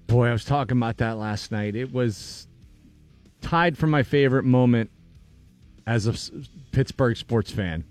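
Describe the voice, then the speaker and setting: A man co-hosting a sports talk show, excitedly telling stories from a game he attended. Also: mid-range voice, unhurried, pauses often, dry recording, soft background music. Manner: animated storyteller, excitable. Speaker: sports talk co-host and fan. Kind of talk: casual sports talk, storytelling.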